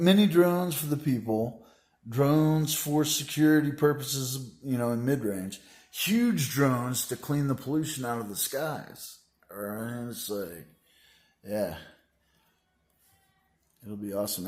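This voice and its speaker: A man rambles through a grandiose monologue, stacking "you know" and "like" between his thoughts. His pitch sits in an ordinary middle range, and he speaks with a preachy self-assurance. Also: darkish tone. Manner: meandering, full of "you know" and "like" fillers. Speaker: vlogger.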